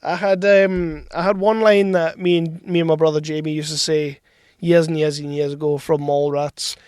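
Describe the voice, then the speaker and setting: A man's voice: fairly high pitch, normal speed, clear, resonant tone, dry recording, clean studio sound. A man co-hosting a casual movie podcast chat, telling stories with lots of laughter. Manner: animated storyteller, laughs often. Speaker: podcast co-host.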